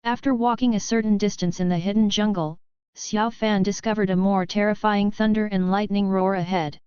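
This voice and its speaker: A woman narrates a fantasy audiobook in a steady, even voice. Her tone is very smooth and crisp. The recording is dry and has a slightly dull, lo-fi sound. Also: mid-range voice, moderate pace, dry recording.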